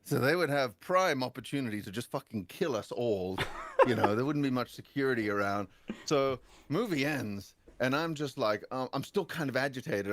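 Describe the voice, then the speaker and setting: A young man tells a comic story on a casual podcast panel. He swears often, and his voice swings widely in pitch and loudness. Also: brisk, no room sound. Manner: animated, profane, big swings in pitch and volume. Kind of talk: comedic storytelling in casual chat.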